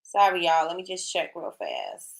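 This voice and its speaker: A woman's voice: fairly low pitch, huge pitch swings, normal speed, creaky. A middle-aged woman hosting a casual livestream, chatting with viewers and reading their comments aloud in an encouraging way. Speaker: livestream host.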